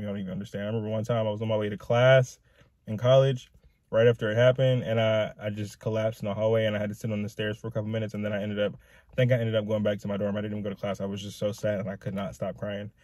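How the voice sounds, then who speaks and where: A man's voice: on the low side, flat delivery, rapid-fire, a little mellow, no echo. Young male vlogger, raw profane rambler, dry close sound. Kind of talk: emotional personal rant to camera.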